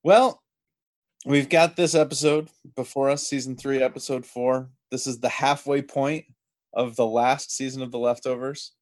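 A man's voice: medium pitch, steady tone, moderate pace. Chatty man hosting a TV podcast. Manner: enthusiastic, rambling with restarts and laughs. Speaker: podcast host. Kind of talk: casual TV recap chat.

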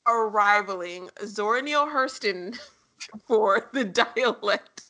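A woman co-hosting a casual book discussion podcast, animated and profane, laughing often. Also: mid-range voice, takes it slowly. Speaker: podcast co-host.

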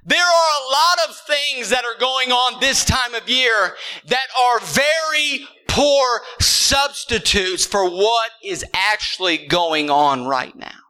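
A pastor preaching a sermon to his church. He speaks emphatically, rising to shouts and then dropping low, and often repeats words as he starts a thought. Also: clean tone, rough recording. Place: church service with congregation.

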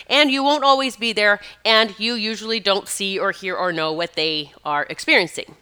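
Middle-aged woman, spiritual advisor type, bright crisp voice, chatty and emphatic, wanders off on tangents. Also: medium pitch, expressive, normal speed, few pauses. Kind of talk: casual monologue.

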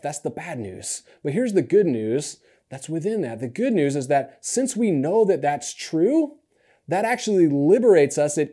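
Earnest soft-spoken male preacher. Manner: earnest, repeats phrases, drops to soft low voice for emphasis. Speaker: pastor. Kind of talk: sermon.

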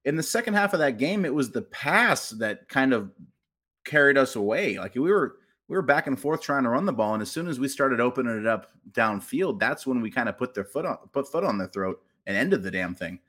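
A man's voice: medium pitch, expressive, fairly quick, fairly bright tone. A man co-hosting a casual sports podcast, thoughtful and pushing back with questions. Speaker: podcast co-host.

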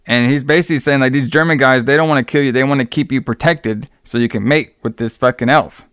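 A young man casually recapping a film plot in loose, profane talk, slipping into quick voices for the characters. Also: medium pitch, a bit bright, smooth, no room sound, clean studio sound. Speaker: podcast co-host recapping a movie.

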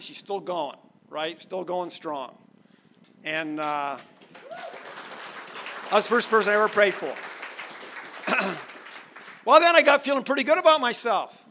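A man preaching, telling his own story in an animated way, going quiet for the serious parts. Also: sits high, unhurried, pauses often, slight background noise. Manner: animated storyteller, laughs, drops soft for serious moments. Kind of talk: sermon storytelling.

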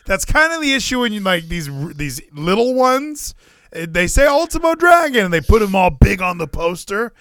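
A man talks wrestling in a loose, ranting way. His voice swoops high and low with a lot of life, and he swears freely. The sound is close and dry, with no room around it. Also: moderate pace, no echo. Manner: animated ranting, swears freely, acts out crowd shouts. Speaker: podcast co-host. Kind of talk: casual wrestling chat.

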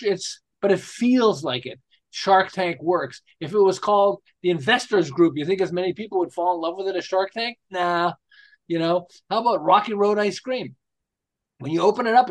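A man in his sixties from the United States, an interview guest telling stories with laughs and rhetorical questions. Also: high voice. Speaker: interview guest, marketing specialist. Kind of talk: enthusiastic casual interview talk.

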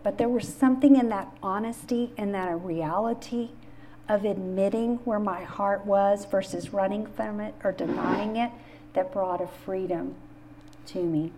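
A woman's voice: medium pitch, dark tone, slight background noise. A middle-aged woman hosting a faith-based podcast on grief, telling personal stories in an earnest way. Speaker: podcast host.

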